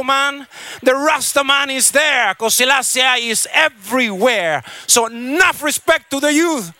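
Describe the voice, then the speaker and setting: Brief: man from Chile, festival stage MC, very high and piercingly bright voice, shouted hype and blessings. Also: a little slow. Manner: hyped call-and-response shouting, Rasta blessings. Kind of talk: live stage announcing.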